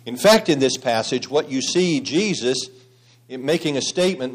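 A man teaching a Bible study group in an earnest, conversational way, often restarting sentences and turning to the class with questions. His voice sits in an ordinary middle pitch, with nothing unusual in its tone. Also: expressive, normal speed.

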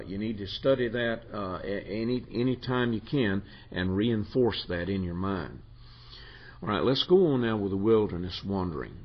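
Halting man lecturing a class. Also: on the low side, muffled recording, slight background noise. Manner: halting, repeats words, asks the class questions. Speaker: Bible teacher.

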